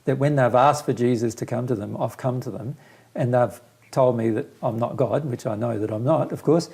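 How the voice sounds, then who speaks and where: A man with a gravelly, slightly husky voice speaks as a spiritual teacher in a relaxed conversation. He explains earnestly and patiently, reaching for simple everyday comparisons. His pitch sits at an ordinary middle height for a man. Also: moderate pace.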